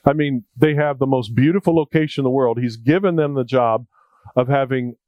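A man's voice: medium pitch, a little fast, dry recording, lo-fi sound. A male preacher delivering a sermon in a conversational, jokey way, repeating key points for emphasis.

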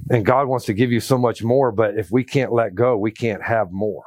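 A young adult man preaching a sermon in a chatty, animated way, acting out scripture as he goes. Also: lowish voice, normal speed, no echo, clean studio sound. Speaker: pastor.

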